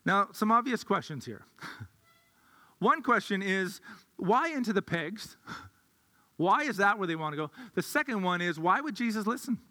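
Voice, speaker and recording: High bright-voiced man preaching. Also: expressive, unhurried, long pauses, big-room sound. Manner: conversational, thinks aloud with restarts. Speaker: pastor. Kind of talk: sermon.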